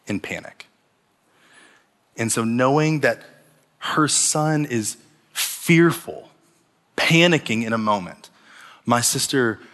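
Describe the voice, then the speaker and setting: A man preaching a sermon, going from hushed, slow lines to raised, urgent ones. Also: mid-range voice. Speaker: pastor. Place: church hall. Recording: long reverb of a large hall.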